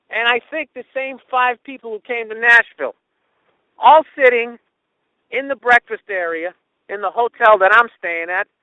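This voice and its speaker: Comic host, high voice, swearing storyteller, tinny dry lo-fi sound. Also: male voice, no echo. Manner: profane, animated, does mocking voices of others. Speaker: comedian podcast host. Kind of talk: storytelling monologue.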